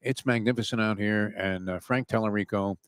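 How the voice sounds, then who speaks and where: A man's voice: on the low side, steady tone, a little fast, clear, resonant tone, no room sound. A man co-hosting a casual outdoor chat at the beach, joking and often restarting his sentences. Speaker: co-host. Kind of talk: casual banter.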